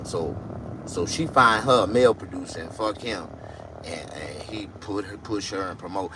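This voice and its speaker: A man telling crude comic stories, shouting and shrieking for effect. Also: low-pitched, animated, moderate pace, noisy background. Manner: crude, loud, shrieking storytelling. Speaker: comedian. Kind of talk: comic monologue.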